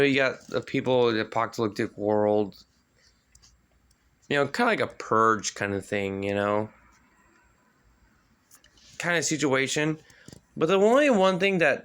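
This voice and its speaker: A man casually reviewing movies in a video, rambling with lots of fillers, swearing freely and jumping up in pitch when he gets worked up. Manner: animated, sudden jumps in pitch.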